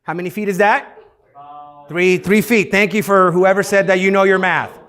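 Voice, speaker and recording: A man's voice: high-pitched, steady tone, moderate pace, fairly bright tone. A man leading youth group teaching in a playful, interactive way, having the room repeat key words.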